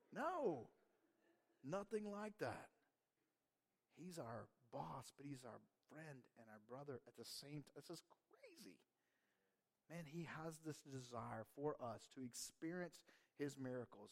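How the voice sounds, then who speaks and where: A male pastor delivering a lively sermon, laughing often and acting out little quotes. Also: mid-range voice, slow, pauses often. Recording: long reverb of a church hall.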